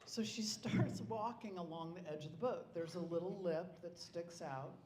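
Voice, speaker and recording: A middle-aged man giving a eulogy as personal stories, full of restarts and lively quoted dialogue. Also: high voice, normal speed, slight background noise. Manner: rambling anecdotes with frequent restarts. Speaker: eulogy speaker. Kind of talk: personal storytelling at a memorial. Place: club hall. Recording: echoey hall with faint ambience.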